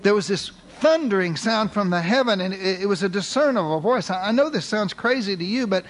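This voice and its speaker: An eager male newspaper reporter, as a preacher puts him on, talking folksy and excited in a high voice. He keeps wondering aloud in a dramatic reading. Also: brisk.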